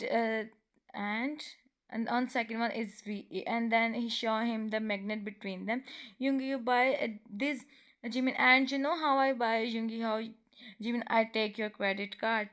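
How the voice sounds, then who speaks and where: Smooth-voiced woman reading a fan story. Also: on the high side. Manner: halting, with frequent fillers and restarts. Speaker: fan fiction reader.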